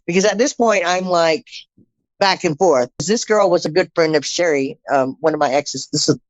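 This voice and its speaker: Low-voiced woman telling her story bluntly. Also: normal speed, no echo. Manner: blunt, animated storytelling with frequent restarts and quoted dialogue. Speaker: podcast guest. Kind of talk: personal testimony storytelling. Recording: slightly dull, dry audio.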